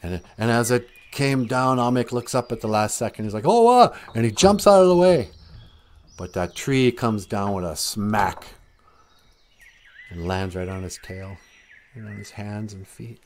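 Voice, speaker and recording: A man telling a folk tale outdoors in a relaxed, conversational way. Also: lowish voice, unhurried, a little hiss or hum. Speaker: storyteller. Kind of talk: casual oral storytelling.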